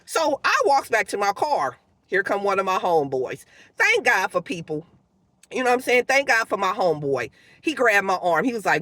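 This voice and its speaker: A woman telling a story in a casual vlog from her car, lively and dramatic, acting out what everyone said. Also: mid-range voice, normal speed, no room sound, rough recording. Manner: animated storytelling, acts out quotes. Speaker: vlogger.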